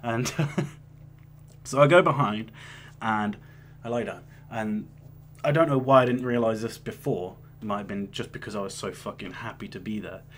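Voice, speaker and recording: A man's voice: on the low side, normal speed. A young man telling a story in a casual, rambling way, swearing often and restarting his sentences. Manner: rambling, profane, with many restarts. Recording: faint hum behind.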